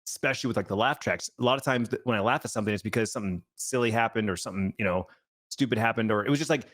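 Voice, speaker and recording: A man's voice: lowish voice, fairly bright tone. A man co-hosting a podcast, chatting casually with lots of fillers and swearing. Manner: fast, filler-heavy, swearing. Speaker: podcast co-host. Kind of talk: casual chat.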